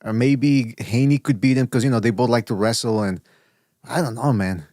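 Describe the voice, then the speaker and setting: A man's voice: medium pitch, normal speed, dark tone, no echo, clean studio sound. Stammering, rambling man on a boxing podcast. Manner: rambling, stammers and restarts, mimics others' voices. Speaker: podcast co-host. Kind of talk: casual boxing podcast chat.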